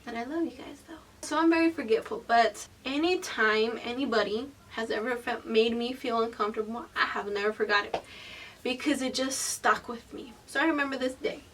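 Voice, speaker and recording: A woman in her twenties telling a story from her own life in a vlog. She is animated and profane, and she swings between loud bursts and hushed whispered asides. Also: on the high side, normal speed, far from the mic. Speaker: vlogger.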